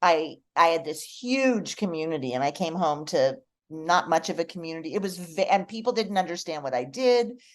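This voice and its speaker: A middle-aged woman, a guest on a podcast, telling personal stories in a heartfelt, expressive way. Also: low-pitched, moderate pace. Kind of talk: casual podcast conversation.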